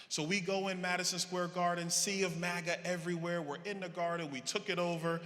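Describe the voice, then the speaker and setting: A man giving a political convention speech, telling stories to a live audience with animated energy, acting out the dialogue. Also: high voice, brisk, few pauses. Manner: animated, acts out quoted dialogue. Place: large convention hall. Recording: reverberant hall with faint crowd ambience.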